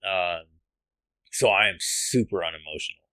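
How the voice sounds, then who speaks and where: Man, podcast guest, earnest rambling testimony, slightly low voice, dry close sound. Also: normal speed, sharp tone, dry recording. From United States. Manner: earnest, rambling, restarts and laughs. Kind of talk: emotional testimony.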